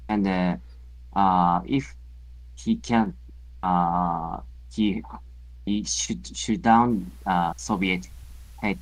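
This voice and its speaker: A player in a casual game chat who talks in a halting way, searching for words. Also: low voice, low-quality recording.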